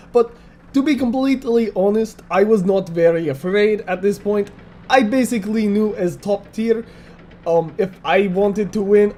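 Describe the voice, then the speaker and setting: A man's voice: sits high, dark tone, slight background noise. A man commentating his own video game match in a put-on mock Russian accent, playful and self-mocking, calling his viewers comrades. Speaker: gameplay commentator.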